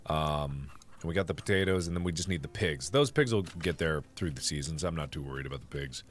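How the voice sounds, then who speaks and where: A man's voice: a bass voice, brisk. A man streaming a farming game, chatting casually and joking while he talks through his plans. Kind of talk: casual gameplay chat.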